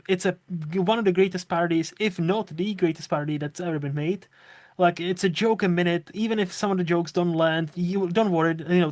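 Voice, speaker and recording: A man's voice: high voice, dry recording. A man co-hosting a casual podcast, rambling and restarting his sentences and laughing often. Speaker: podcast co-host. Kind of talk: casual chat.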